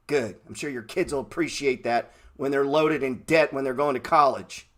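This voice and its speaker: A man's voice: mid-range voice, normal speed, hardly any pauses, a bit bright. A man hosting a trading channel, giving a blunt, profane motivational rant and mocking the people he talks about. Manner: profane, brash and mocking, mimics excuse-makers. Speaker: stock trading channel host.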